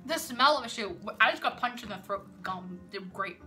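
A woman's voice: a little high, animated, a little fast, over music. Chatty giggly young woman vlogger. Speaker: vlogger host. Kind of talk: casual taste-test chat.

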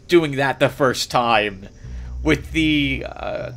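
A man hosting a let's play, chatting casually and rambling excitedly as he plays, laughing often. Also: mid-range voice, slow pace, soft background music. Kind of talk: casual gameplay commentary.

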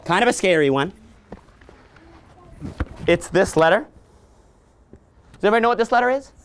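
A woman in her thirties teaching young children letter sounds in a library, playful and animated, making silly sounds and growls for them to copy. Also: medium pitch, moderate pace, slight background noise. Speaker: children's entertainer. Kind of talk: interactive children's phonics lesson. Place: public library room with children. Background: faint ukulele.

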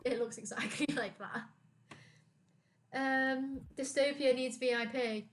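Young woman streamer, bright chatty delivery, higher pitch. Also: steady tone, slow. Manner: chatty, reads chat aloud, giggly. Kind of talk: casual gaming stream chat.

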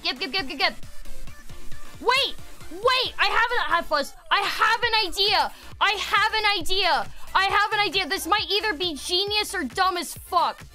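A woman streamer giving excitable live gaming commentary to her chat, swearing and yelling when frustrated. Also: extremely high pitch, normal speed, hardly any pauses, faint music behind.

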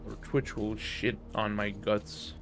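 A man's voice: fairly low pitch, flat delivery, takes it slowly, over music. A man streaming a video game live, chatting casually with viewers, cracking profane jokes and laughing often. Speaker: gaming streamer.

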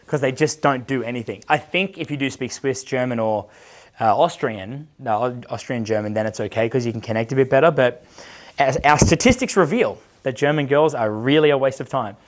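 A brash male dating coach chats casually, swearing freely and laughing as he tells his stories. He slips into quick impressions of the people in them, with a voice pitched in the middle for a man. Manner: brash, profane, laughing, acts out quoted voices. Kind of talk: casual storytelling chat.

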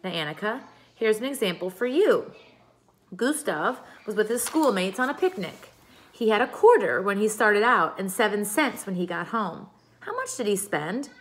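A woman doing a brisk schoolteacher. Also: mid-range voice, sing-song, close to an everyday voice. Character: patient but exasperated female schoolteacher.

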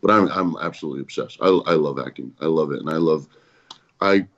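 A man's voice: extremely low pitch, fairly quick. A man talking as a podcast guest in an earnest, reflective way. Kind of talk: casual chat. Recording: muffled lo-fi.

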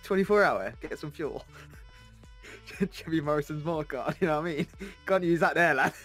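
A man co-hosting a gaming video, bantering loudly and jokily with plenty of swearing. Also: a little high, moderate pace, faint music behind. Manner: loud, swearing, jokey banter. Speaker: co-host.

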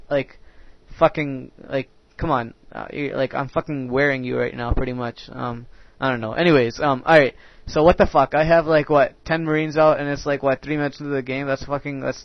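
Commentating a little fast with few pauses, a young man in a steady, medium-pitched voice rants profanely about his own match. His crude talk is full of filler words, and the dull, dry lo-fi mic picks up no echo.

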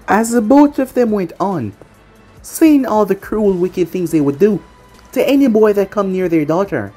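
A woman narrating a fan-fiction story with an expressive reading. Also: mid-range voice, moderate pace, husky, faint music behind.

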